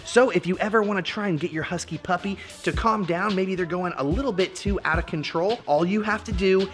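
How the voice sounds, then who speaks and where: A man hosting an energetic, jokey dog-training video in a casual tutorial style. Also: high voice, brisk, soft background music. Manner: animated, jokey, puts on goofy voices for the dogs.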